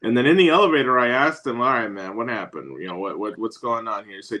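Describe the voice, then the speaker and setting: A man's voice: on the low side, lively intonation, quick pace, few pauses, pushed and bright, a little hiss or hum, rough recording. A man guesting on a talk show, telling his story bluntly and casually, with some swearing. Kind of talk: casual remote interview.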